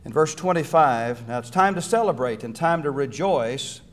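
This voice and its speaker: A man preaching on a Bible story, with a middle-pitched voice. He often turns to his listeners with rhetorical questions. He briefly acts out the quoted lines as he tells the story. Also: expressive, normal speed. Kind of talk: sermon.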